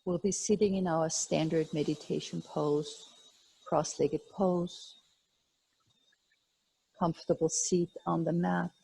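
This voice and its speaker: A woman leads a yoga and meditation practice in a calm, soothing manner. Her voice sits a little low and mellow, with a soft breathy edge. She speaks very slowly and lets each instruction settle. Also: poor audio. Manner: slow, calm, soothing guidance. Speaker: yoga teacher.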